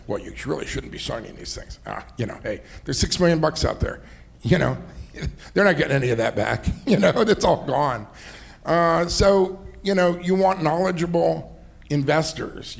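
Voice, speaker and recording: A middle-aged entrepreneur and investor, appearing as an interview guest, speaks in a fairly high, gravelly voice. In this fireside chat he rambles through anecdotes, laughing and saying "you know" again and again.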